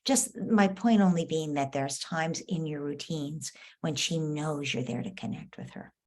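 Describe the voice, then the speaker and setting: A woman's voice: low voice, measured pace. A middle-aged woman giving parenting advice in a live question-and-answer session, acting out what parents and children might say. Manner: warm coaching tone, acts out parent and child lines. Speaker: parenting expert answering callers.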